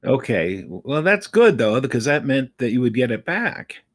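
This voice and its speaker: A woman's voice: rumbling low, sing-song, moderate pace. A woman guest on an astrology livestream, chatting casually and teasing the host with wry questions.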